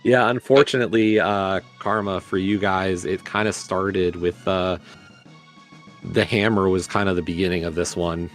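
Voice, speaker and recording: Man, low voice, relaxed live game commentary, chatty with players, faint music behind. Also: moderate pace. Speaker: race commentator.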